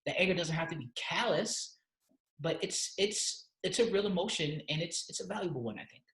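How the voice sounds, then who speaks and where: A man's voice: sits high, lively intonation, a little fast, a bit bright. A man talks as an activist guest in a casual podcast chat. He speaks with passion and emphasis, swearing freely. His voice carries the roomy echo of the space around him.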